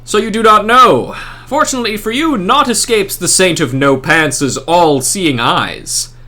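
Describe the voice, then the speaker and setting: A man's voice: sits high, a little slow, sharp tone, voice pushed up. A man voicing a grand, theatrical male holiday saint from a game, making pompous proclamations. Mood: lecturing.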